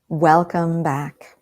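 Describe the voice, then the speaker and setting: Soft-spoken woman guiding meditation slowly. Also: sits low, dry recording. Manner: gentle, soothing, often half-whispered; openly heartfelt and earnest. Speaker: meditation teacher. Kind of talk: guided meditation and reflection.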